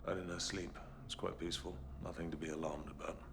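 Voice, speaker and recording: An actor playing a condescending doctor who talks in a clipped, dismissive way. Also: male voice, low-pitched, flat delivery, fast, creaky, a bit bright, slight background noise. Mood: cold.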